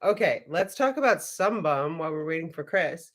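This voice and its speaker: A woman's voice: deep voice, animated, normal speed. A woman hosting a casual livestream, chatty and giggly, who swears freely and talks straight to her viewers. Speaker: livestream host.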